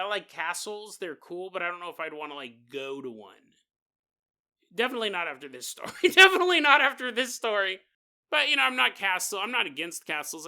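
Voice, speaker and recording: Podcast host, man, bright voice, casual comedic storytelling with tangents. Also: high voice, smooth. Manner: jokey asides, casual, digressive.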